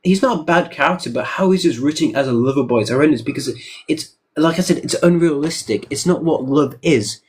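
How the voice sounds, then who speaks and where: A man's voice: on the high side, a little fast. A man in casual podcast chat, opinionated and emphatic, with frequent "you know" asides. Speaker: podcast co-host.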